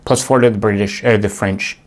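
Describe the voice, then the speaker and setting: A man's voice: fairly low pitch, fairly even intonation, brisk, slight background noise. A man playing a board game solo and thinking aloud as he works through each turn, muttering and groaning at bad rolls.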